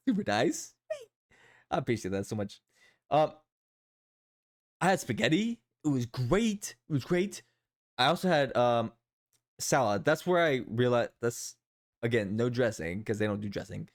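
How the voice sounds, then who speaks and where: Guy streamer rambling away, pitch jumping all over, repeats himself a lot. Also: moderate pace, long pauses. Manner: rambling and animated, repeats phrases. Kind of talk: casual live-stream chat.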